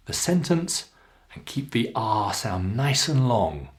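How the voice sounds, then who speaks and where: A man with a Southern British accent teaching a pronunciation lesson, stretching out clear model words with careful emphasis. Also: mid-range voice, lively intonation, measured pace. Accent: Southern British English. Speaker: pronunciation coach. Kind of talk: slow, deliberate pronunciation lesson.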